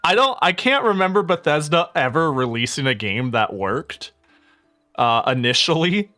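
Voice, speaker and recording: A male streamer in casual stream chat, ranting in a profane, animated way and laughing often. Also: a little high, normal speed, soft background music.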